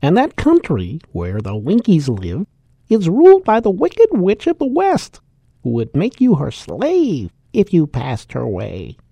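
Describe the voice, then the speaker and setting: Little man giving warnings, swooping and mellow, read by a woman. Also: low voice, wildly swooping pitch, a little slow, gravelly, husky, dry recording, pitched below the performer's own voice, exaggerated voice.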